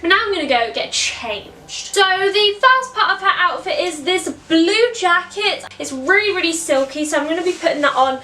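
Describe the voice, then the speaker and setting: A woman's voice: very high voice, animated, normal speed, hardly any pauses, bright, forceful tone, roomy sound, far from the mic. Chatty British woman explaining step by step. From Britain. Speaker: costume character performer. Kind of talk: tutorial narration.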